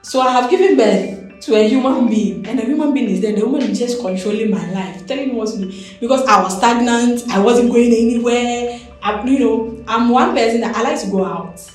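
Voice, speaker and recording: Young Ghanaian woman, candid personal storytelling, animated delivery, very roomy echo, faint music underneath. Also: a little high, a little fast. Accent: Ghanaian English. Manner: animated, expressive storytelling with many fillers. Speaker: interview guest.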